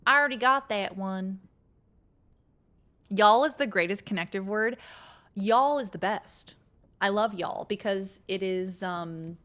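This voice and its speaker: A young adult woman streaming a game, chatting casually with viewers, thinking aloud, laughing often and swearing now and then. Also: mid-range voice. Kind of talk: casual live-stream chat while gaming.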